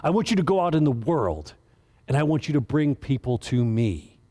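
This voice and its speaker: A man voicing Jesus as a patient, gently commanding figure, speaking quietly in a sermon retelling. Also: medium pitch, big pitch swings, moderate pace, husky, no room sound, studio quality. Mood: calm.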